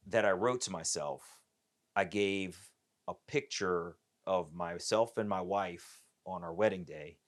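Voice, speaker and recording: A middle-aged man with a fairly low voice tells a personal story as a podcast guest. He is animated and acts out each person's voice as the story unfolds.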